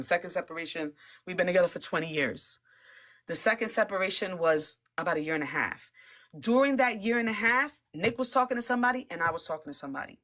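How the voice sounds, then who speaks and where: A woman guest telling a personal faith testimony in a casual, animated way, often laughing and repeating words as she talks. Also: fairly low pitch. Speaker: interview guest giving testimony.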